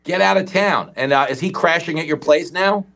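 A man as a comedian guest on a talk show, riffing with sarcastic deadpan jokes. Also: on the high side, moderate pace, gravelly, crowd noise.

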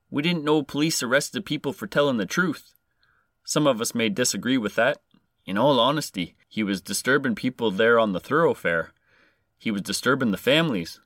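A man's voice: mid-range voice, fairly bright tone, no room sound, clean studio sound, close to an everyday voice. A man voicing a polite Canadian male police constable with a Canadian accent, earnest and matter-of-fact.

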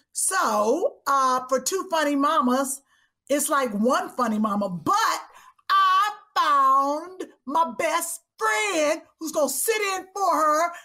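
Woman podcast co-host: high, bright voice, playful and giggly. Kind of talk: casual comedy podcast chat.

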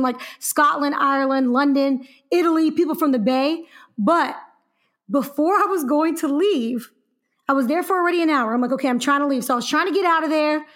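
A young woman co-hosting a podcast, telling a story in a lively, chatty way and laughing often. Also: high voice, brisk. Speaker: podcast co-host. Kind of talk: casual podcast chat.

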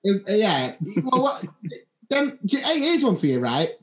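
A man's voice: high-pitched, sing-song, measured pace, a bit bright. A man co-hosting a podcast, rambling through funny anecdotes with lots of restarts. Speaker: podcast co-host. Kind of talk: casual chat. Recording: roomy echo.

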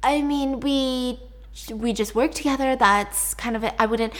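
A woman's voice: high voice, unhurried. A woman voicing a nervous young male employee who stammers and gets defensive.

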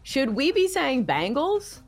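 A woman's voice: high-pitched, very animated, takes it slowly. A woman with a Southern US accent hosting a casual sports podcast, chatty and playful as she asks the panel questions.

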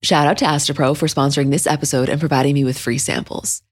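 A woman's voice: low voice, fairly even intonation, fast talker. A woman hosting a podcast, reading a sponsor ad in a chatty, personal way that turns scripted. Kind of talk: sponsor read.

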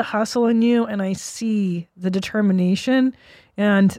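A woman's voice: medium pitch, steady tone, unhurried, mellow, no room sound, studio quality. A woman hosting a podcast, chatting candidly and swearing freely. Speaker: podcast host. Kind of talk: casual podcast chat.

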